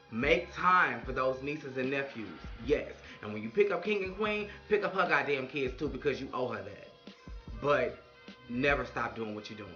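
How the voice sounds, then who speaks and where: Sassy man recapping a show. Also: medium pitch. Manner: animated, sassy, heartfelt. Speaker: reality TV recap commentator.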